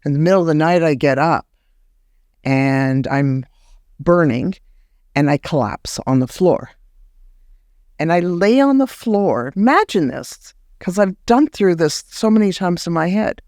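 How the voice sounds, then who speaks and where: A woman, a guest telling a personal story in an animated, halting way. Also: dry recording, studio quality. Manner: animated, acts out remembered words in a higher voice; halting restarts when recounting. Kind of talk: personal storytelling in a podcast interview.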